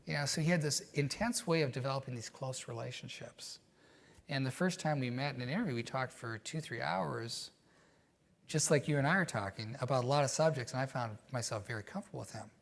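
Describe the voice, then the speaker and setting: A man being interviewed, telling stories in a reflective, animated way with many fillers. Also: mid-range voice, fairly quick, gravelly. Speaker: guest. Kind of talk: conversational interview storytelling.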